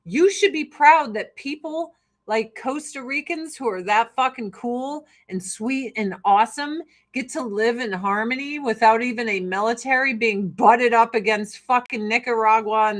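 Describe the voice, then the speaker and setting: A somewhat high, slightly bright-voiced woman speaks at a moderate pace. She's an American vlogger in her forties chatting casually while getting ready, brash and profane, laughing often.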